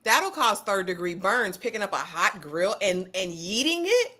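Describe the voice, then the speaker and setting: A woman hosting a podcast, chatting in a quick, joking, slangy way. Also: medium pitch, big pitch swings, sharp tone. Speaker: podcast host. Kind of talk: casual chat.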